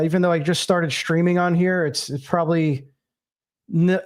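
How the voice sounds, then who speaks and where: A man hosting a livestream, talking casually and rambling with many fillers. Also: on the high side. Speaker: livestream host.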